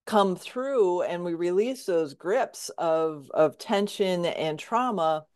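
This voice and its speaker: A woman hosting a conversational podcast, her voice lower than most. She listens closely, then jumps in eagerly to share her own experiences in a casual way. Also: expressive, takes it slowly, a little mellow, clean tone. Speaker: podcast host.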